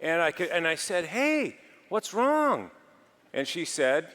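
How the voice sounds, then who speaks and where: A man's voice: high voice, sing-song, slow pace, long pauses, fairly bright tone, a little hiss or hum. A man presenting at a marriage seminar, speaking to a live audience in a jokey, conversational way and acting out dialogue.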